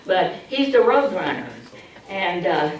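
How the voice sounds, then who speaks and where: A woman presenting a public speaking workshop, slow, humorous and instructive, heard from a distance in an echoey hall. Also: lowish voice, big pitch swings. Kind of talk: public speaking training demo. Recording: distant mic in an echoey hall, faint hiss.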